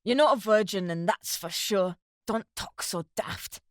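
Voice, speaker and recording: A woman voicing a jealous, furious sergeant husband who shouts coarse insults while short of breath. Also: medium pitch, unhurried, no room sound, clean studio sound, close to an everyday voice.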